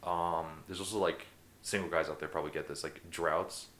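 Deep-voiced fast-talking young man. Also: steady tone, a bit bright. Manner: laid-back, swears freely, laughs often. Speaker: podcast co-host. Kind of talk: casual chat.

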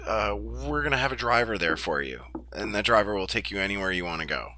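A man's voice: fairly low pitch, lively intonation, brisk, hardly any pauses, pushed and bright. A young man co-hosting a podcast in casual chat, laughing often and acting out quotes. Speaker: podcast co-host.

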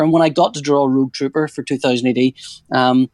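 A man in his forties chats loosely as a guest, circling back on himself and tossing in jokes as he goes. His voice sits at an ordinary middle pitch. The sound is dry and close, with no room around it. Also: fairly even intonation, fast, darkish tone, dry recording. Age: 40s. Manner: rambling, self-interrupting, jokey. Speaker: comic artist guest. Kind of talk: casual interview chat.

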